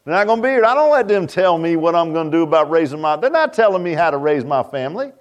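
High-voiced folksy preacher man. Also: sing-song, quick pace, highs cut off. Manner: folksy, emphatic preaching with many fillers. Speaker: pastor. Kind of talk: sermon.

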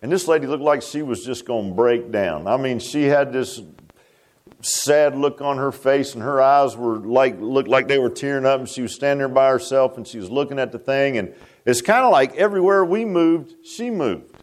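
A man's voice: medium pitch, normal speed. A middle-aged man, preaching a sermon as pastor, pressing questions with a rhetorical "huh?". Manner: preachy, rising to fervent emphasis with rhetorical "huh?".

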